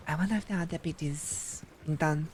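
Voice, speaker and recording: A woman's voice: deep voice, brisk, darkish tone, a little hiss or hum, lightly acted. A woman voicing a fussy, gossipy French artist, a frontier-era busybody who speaks formally without contractions, in an in-character roleplay chat. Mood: fretful.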